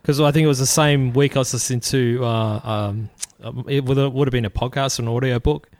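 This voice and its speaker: A man's voice: medium pitch, fairly even intonation, a little fast, darkish tone, dry recording. A man hosting a podcast, chatting casually and asking curious, prompting questions. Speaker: podcast host. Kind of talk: casual chat.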